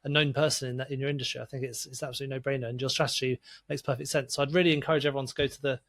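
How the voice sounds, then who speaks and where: A man's voice: medium pitch, little pitch movement, very fast, fairly bright tone. A man hosting a podcast, talking with a guest and reading a sponsor spot, enthusiastic and chatty. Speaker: podcast host. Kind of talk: podcast interview and sponsor read.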